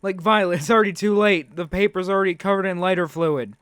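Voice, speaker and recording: In this reaction commentary, a man with a high, quick, fairly bright and smooth voice rants sarcastically about what's on screen, mocking it through put-on quotes. The sound is clean studio audio with no echo.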